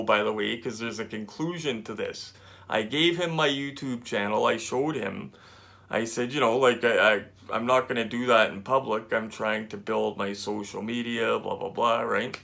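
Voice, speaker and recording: A man, a collectibles vlogger, casually telling a story to camera with indignant, animated retelling and quoted dialogue. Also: mid-range voice, gravelly.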